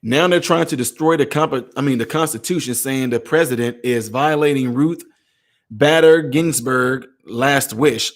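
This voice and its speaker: A man vlogging a casual commentary rant, animated and sarcastic, with frequent stammered restarts. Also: mid-range voice, unhurried.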